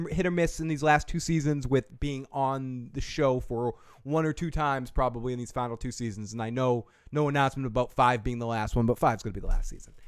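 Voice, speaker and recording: A man hosting a podcast review livestream, rambling and excitable, swearing casually and answering chat comments. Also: mid-range voice, clear, resonant tone, no room sound, studio quality. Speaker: podcast host reviewing a TV episode.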